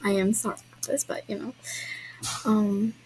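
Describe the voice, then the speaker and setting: A woman's voice: medium pitch, steady tone, normal speed, a little mellow, a little hiss or hum, low-quality recording. Chatty young woman narrating gameplay. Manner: chatty, giggly, apologetic asides to viewers. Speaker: game vlogger hosting a trail ride. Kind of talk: casual gameplay commentary.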